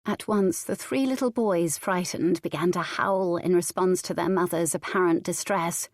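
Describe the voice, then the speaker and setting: A woman narrating a historical romance audiobook in a measured, even storytelling manner. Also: fairly low pitch, no room sound, studio quality. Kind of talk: scripted narration.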